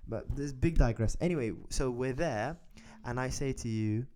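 A man's voice: medium pitch, moderate pace, warm tone, slight background noise. A man hosting a podcast, telling a long story in casual chat, rambling and restarting as he goes. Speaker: podcast host.

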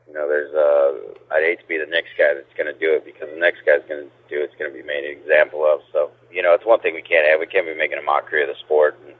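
A laid-back man in his thirties with a very deep, husky voice talks casually over the phone. The line is thin and phone-like. He chuckles easily through his answers. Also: little pitch movement, quick pace. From Southern California. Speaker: guest race driver. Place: in a car with passengers.

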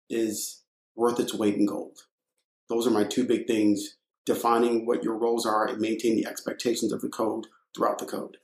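A man explains his points deliberately in a mid-range voice during a panel chat. His voice carries a noticeable room echo. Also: medium pitch, a little mellow. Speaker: emergency physician. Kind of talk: casual panel discussion. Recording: roomy echo.

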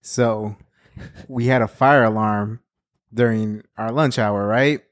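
A young man co-hosting a casual podcast chat, telling a story in fast bursts and laughing through it. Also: on the low side, fairly even intonation. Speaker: podcast co-host.

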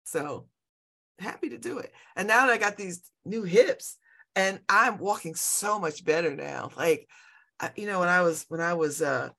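A woman's voice: on the low side, lively intonation, normal speed, vocal fry, bright, forceful tone. A woman in her fifties hosting a show, chatting casually and rambling, often laughing and repeating herself. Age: 50s. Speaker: show host. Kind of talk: casual personal chat.

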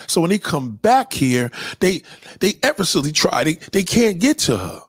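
A man's voice: sits high, sing-song, normal speed, slightly rough, no room sound, studio quality. A man hosting a livestream, ranting in a crude, profane, emphatic and repetitive way. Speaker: livestream host. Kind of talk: unscripted livestream rant.

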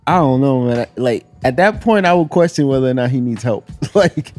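A man's voice: medium pitch, expressive, normal speed, a little mellow. Brief: young man, casual chat, questioning reactions, faint music behind.

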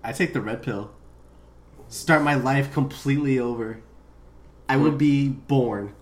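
A man's voice: mid-range voice, unhurried, a little hiss or hum. A man wisecracking in a casual podcast chat, laughing often.

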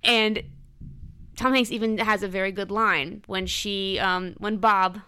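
A woman co-hosting a casual podcast about a film, talking in an animated way and acting out quotes in shifting voices. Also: medium pitch, a little slow, smooth. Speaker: podcast co-host.

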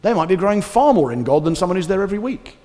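A male pastor giving a conversational, animated sermon with casual asides. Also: sits high, racing. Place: church hall. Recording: reverberant church hall.

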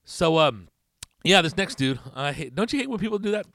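A man's voice: on the high side, sing-song, fairly quick, a bit bright, dry recording. A man hosting a podcast in casual chat, rambling, swearing a lot and laughing at his own jokes. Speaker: podcast host.

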